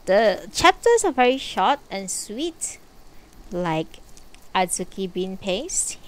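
Slow, chatty woman reading aloud. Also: lowish voice. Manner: relaxed, chatty and rambling, with frequent fillers and asides. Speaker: live-streamer reading a book aloud. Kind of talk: book reading and casual chat.

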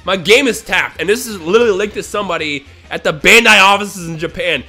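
A man commentating his own mobile game pulls for a video, swinging between low grumbling and shouted, exasperated outbursts. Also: brisk, faint music behind. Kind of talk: gaming vlog commentary.

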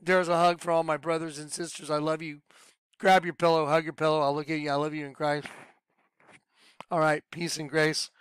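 A man giving an informal, rambling video sermon to his followers, excitable and laughing at his own points. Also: on the high side, fairly quick, clean tone, no room sound. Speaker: online preacher.

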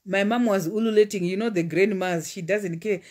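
A woman's voice: medium pitch, fairly quick, a little mellow. A woman, preaching and sharing testimony in fervent, repetitive declarations. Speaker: preacher and relationship coach. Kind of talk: livestream sermon with personal testimony.

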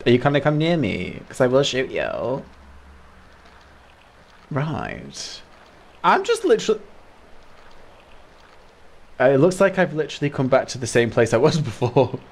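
British guy streaming a game, super animated voice that jumps all over, chatty and laughing with chat. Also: measured pace, long pauses. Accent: British English. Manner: chatty, greets viewers, laughs often, lively swings in pitch. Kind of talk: casual live-stream chat while playing.

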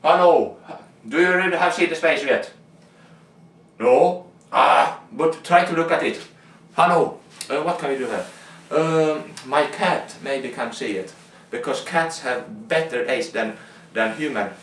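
A young man doing an improvised comic monologue, rambling and exclaiming to himself in halting English. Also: fairly high pitch, a bit bright. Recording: roomy, from far off the mic.

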